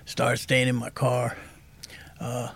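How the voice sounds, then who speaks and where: A soft-spoken man in his fifties, telling his own story candidly as a podcast guest. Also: medium pitch, monotone, slow, vocal fry, noisy background.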